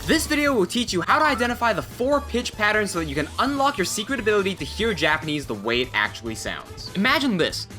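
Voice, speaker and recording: Lively, bright-voiced language tutor. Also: mid-range voice, quick pace, hardly any pauses, soft background music. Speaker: language teacher. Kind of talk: scripted tutorial narration.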